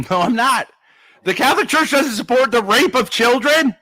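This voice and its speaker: A man's voice: extremely high pitch, expressive, moderate pace, bright, forceful tone, no room sound. A man arguing hard on a live-stream panel, profane and talking over the others. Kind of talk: heated live-stream debate.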